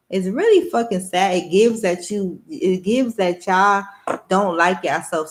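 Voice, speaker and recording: A young woman speaks candidly to her audience in a loose, rambling monologue. She is blunt and swears often, circling back on her own thoughts. Her voice sits at an ordinary middle pitch. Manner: blunt, rambling, heavy profanity. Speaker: vlogger.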